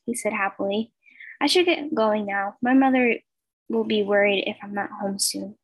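A young woman, likely a teenager, reads a fan story aloud from her bedroom, recorded on a laptop over a video call. Her medium-pitched voice keeps a moderate pace and fairly even intonation, but she's casual and hesitant, stumbling and using fillers, and the recording is rough.

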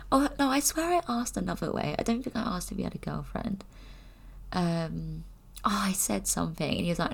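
A woman's voice: fairly low pitch, moderate pace, creaky. A young woman chatting candidly to camera, rambling and giggling as she talks. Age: young adult. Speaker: vlogger. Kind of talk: casual chat.

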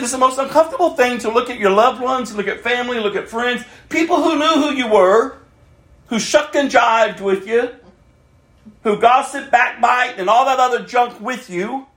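A man preaching a sermon, moving from loud calls to hushed, near-whispered asides. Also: very high-pitched, echoey room.

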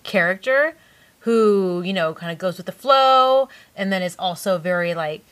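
A woman co-hosting a podcast in casual chat, chatty and quick to jump in and finish the other host's sentences. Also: medium pitch, lively intonation, a bit bright. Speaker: podcast co-host. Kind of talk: casual chat reviewing a TV series.

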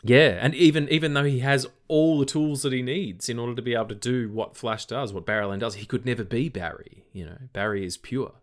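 A man's voice: mid-range voice, fairly quick, hardly any pauses. A tired man with an Australian accent, co-hosting a film podcast in a rambling, casual way. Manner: rambling, with frequent restarts and swearing. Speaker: podcast co-host. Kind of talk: casual chat.

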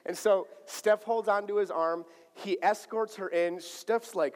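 A man with a high-pitched voice preaches from the pulpit, telling a story with playful energy and acting out each exchange. His voice rings through a big church sanctuary with a long trailing reverb. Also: a little slow. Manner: animated, acts out dialogue playfully. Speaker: pastor. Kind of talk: sermon with personal storytelling.

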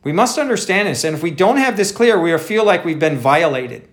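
A man's voice: fairly high pitch, animated, a little fast. Man preaching a conversational sermon. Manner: conversational preaching, addresses listeners as folks. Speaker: pastor.

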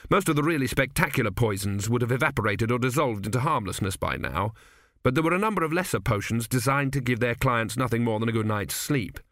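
A man narrates a comic fantasy novel in a measured, wry storytelling voice. His pitch sits in the middle range. The recording is dry and close, with no room sound. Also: fairly bright tone, no room sound. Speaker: audiobook narrator.

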